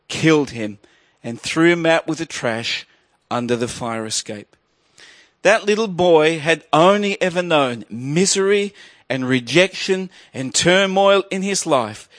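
Male pastor preaching, high voice, gets loud then drops to a hush, dry close sound. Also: animated, no echo. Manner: emphatic preaching, rising loud on key points and dropping low and slow in the story. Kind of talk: sermon.

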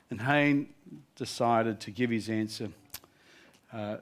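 A male preacher telling a story in a sermon, lively and animated, often laughing between lines. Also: medium pitch, a little slow, clear, resonant tone.

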